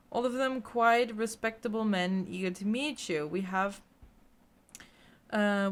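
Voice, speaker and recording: A woman voicing a fussy male accountant clerk in a fantasy game, formal and bureaucratic. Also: a little high.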